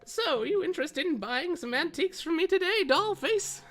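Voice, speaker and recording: A woman's voice: very high voice, animated, normal speed, fairly bright tone, faint music behind, pitched above the performer's own voice. A woman voicing a grandmotherly old shopkeeper who runs an antique store and talks in folksy, sassy patter full of pet names. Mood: salesy.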